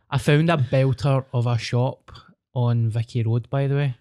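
A man's voice: medium pitch, steady tone, unhurried, creaky, darkish tone, smooth, dry recording, clean studio sound. A Scottish man chatting on a podcast, telling stories in sweary, laid-back banter. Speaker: podcast co-host. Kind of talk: casual chat.

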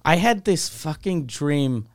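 Man, podcast host, rambling swearing storyteller, smooth clear voice, fairly high. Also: lively intonation, takes it slowly. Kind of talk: casual chat.

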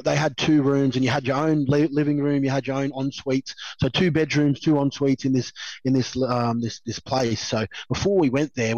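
A man's voice: medium pitch, darkish tone, dry recording, dull audio. An Australian man in his thirties, a former rugby league player telling rambling stories in an interview, chatty and laughing often. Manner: rambling, chatty storyteller who laughs often, lots of "you know" and "um". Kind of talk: relaxed anecdotal interview.

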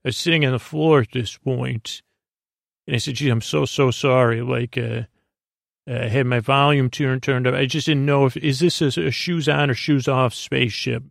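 A man hosting a sleep story podcast, narrating an improvised bedtime story in a meandering, halting way full of fillers. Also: medium pitch, fairly even intonation, vocal fry, no room sound, clean studio sound.

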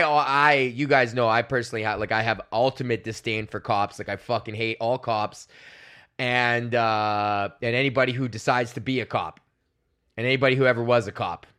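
A young man, hosting a podcast and telling a ranting, profane comedy story, often slipping into voices of the people in it. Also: medium pitch. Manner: profane, animated, acts out voices of others. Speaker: podcast host.

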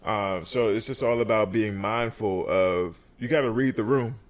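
Laid-back low-voiced man chatting. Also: moderate pace. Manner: laid-back, slangy, lots of "like". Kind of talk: casual chat.

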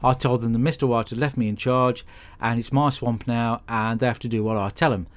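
A man's voice: medium pitch, steady tone, fairly quick. A middle-aged man, giving a blunt, sweary comic monologue as podcast host. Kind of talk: comic monologue with film recap.

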